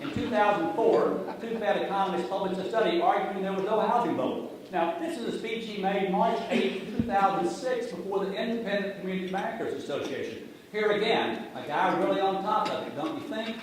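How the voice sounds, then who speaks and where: A middle-aged man gives a sarcastic, jokey finance talk to a live audience and addresses it directly. His high voice runs a little fast with hardly any pauses, recorded from far off in a noisy, echoey hall.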